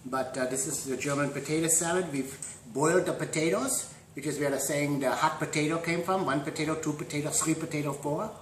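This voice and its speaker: A man hosting a mock home cooking demonstration, rambling through deadpan puns and dad jokes. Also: a little high, brisk, slight background noise. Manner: deadpan punning, dad jokes, trailing asides. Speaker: host of a joke home cooking show. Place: home kitchen. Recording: echoey kitchen with clattering pots and cutlery.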